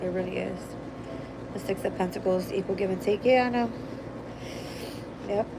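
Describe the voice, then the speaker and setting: A woman's voice: medium pitch, moderate pace, gravelly, background noise. Blunt, profane woman chatting on a livestream. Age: adult with a daughter. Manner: blunt, profane, animated storytelling. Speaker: tarot reader and channel host. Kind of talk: casual livestream chat. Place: at home, late night.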